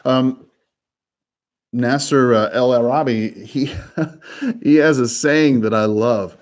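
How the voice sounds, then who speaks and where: A man working as a real estate broker, coaching in a quick, chatty way and often repeating words and laughing. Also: medium pitch. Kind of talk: coaching talk with live cold calls.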